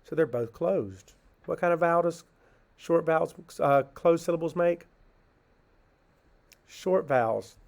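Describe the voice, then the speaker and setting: A man's voice: fairly high pitch, vocal fry, a little mellow. A man teaching a phonics lesson to children, asking a question and answering it himself, then sounding words out syllable by syllable. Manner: slow, patient, asks questions and answers them himself.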